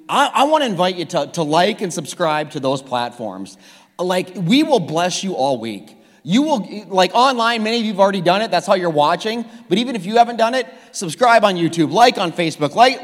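A middle-aged man preaching a sermon to a church, energetic and conversational, repeating phrases as he goes. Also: high-pitched. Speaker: pastor. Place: church sanctuary. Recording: hall reverb.

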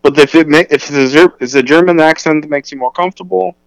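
A man playing Krampus, an ancient child-eating holiday monster, in an improvised comedy interview, answering in a deadpan, hesitant way full of ums. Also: a little high, fairly quick, dry recording, natural voice, rough recording. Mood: confessional.

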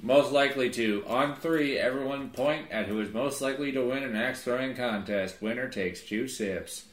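A man with a mid-pitched voice and sarcastic, crude humor, running rounds of a party game with friends. The room around him is roomy and echoey. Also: moderate pace. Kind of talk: casual drinking-game banter. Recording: roomy echo.

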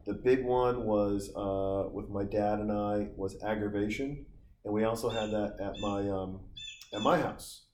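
A man's voice: lowish voice, fairly even intonation, unhurried, a little mellow, slight background noise. A man in his forties from Montana, telling stories in a casual, profane, wandering monologue outdoors. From Montana, USA. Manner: profane, tangent-prone storyteller. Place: outdoors on a summer vacation. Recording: roomy sound with faint ambience.

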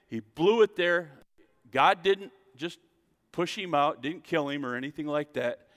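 A man preaching a sermon, his voice pitched a touch above the usual for a man. He swings from quiet asides to loud, emphatic calls and reads scripture aloud. A long reverb trails each phrase, as in a big hall. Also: animated, a little slow. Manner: preaching with rising, shouted emphasis and call-and-response asides. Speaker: pastor.

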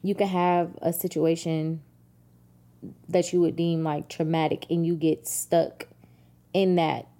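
A woman with a fairly low voice talks openly on a casual podcast. She tells personal stories with candid, animated energy and sometimes slows down to stretch a point. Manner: candid, animated storytelling, slow deliberate stretches. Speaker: podcast co-host. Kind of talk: casual chat.

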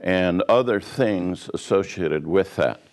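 A man teaching a sermon, reading and explaining scripture in an unhurried way, with frequent pauses and restarts. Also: deep voice, creaky. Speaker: pastor. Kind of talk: verse-by-verse Bible teaching.

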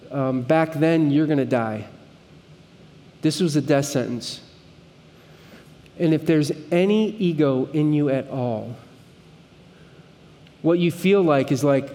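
A man's voice: a little high, takes it slowly, pauses often, dark tone, big-room sound. A man preaching a sermon as pastor, earnest and conversational, with pleading emphasis at times.

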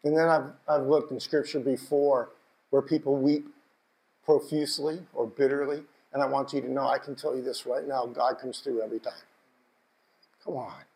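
A male preacher delivering an emotional sermon, moving from hushed reflection to fervent, raised exhortation. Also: mid-range voice, flat delivery, moderate pace, vocal fry, rough recording. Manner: passionate, building from hushed to shouting.

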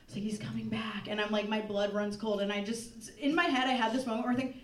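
A young woman telling a laughing, animated confessional story on a live comedy stage. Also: fairly high pitch, fast. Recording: echoey room from far off, loud crowd.

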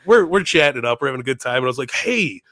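A man telling a story in a casual chat, animated, swearing freely and acting out other people's lines in raised voices. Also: medium pitch, racing, no room sound, studio quality. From Chicago. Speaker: podcast guest.

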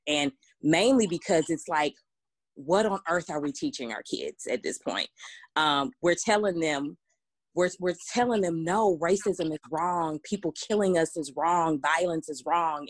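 A woman's voice: low voice, no room sound. A woman, co-hosting a casual podcast discussion, talking emphatically with many restarts. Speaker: podcast co-host.

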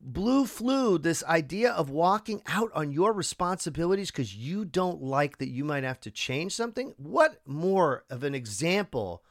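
A man talking casually as a co-host, swinging his pitch widely as he gets worked up. He digresses and restarts often, and his voice is recorded dry and close. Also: measured pace, few pauses, no room sound. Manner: animated, emotional, digressive with many restarts. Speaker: podcast co-host. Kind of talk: casual political chat.

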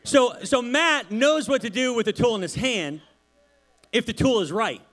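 A man, a pastor, giving a casual sermon in church, chatty and animated, telling stories with many asides. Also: extremely high pitch, normal speed.

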